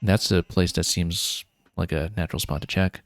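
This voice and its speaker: A man's voice: deep voice, moderate pace, dry recording. A man streaming a video game, thinking aloud and planning his next moves with casual fillers. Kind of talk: casual gameplay commentary.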